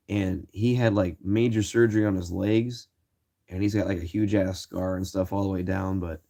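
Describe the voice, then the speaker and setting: A young man from Ohio, a streamer telling loose, profane stories to his viewers in casual chat and acting out shouted lines. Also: on the low side, vocal fry. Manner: loose, swearing, acts out quoted shouts. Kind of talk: casual storytelling.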